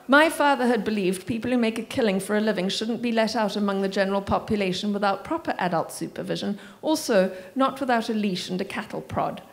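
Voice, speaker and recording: A woman's voice: medium pitch, a little fast, vocal fry, few pauses. A woman author in a library community room, reading expressively from her memoir and answering audience questions with wry asides.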